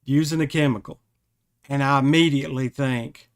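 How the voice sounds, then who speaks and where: A man hosting a podcast, telling a funny personal story in a rambling, animated way and often correcting himself. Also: on the high side, measured pace. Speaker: podcast host. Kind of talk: casual storytelling.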